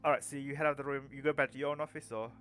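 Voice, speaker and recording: A man's voice: mid-range voice, steady tone, rapid-fire, fairly bright tone, clean tone, soft background music. A man running a tabletop game as game master, narrating in a hesitant way full of fillers.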